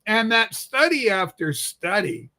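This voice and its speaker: A man co-hosting a political livestream, mocking and profane, talking loudly in crude banter. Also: sits high, very animated, a little slow.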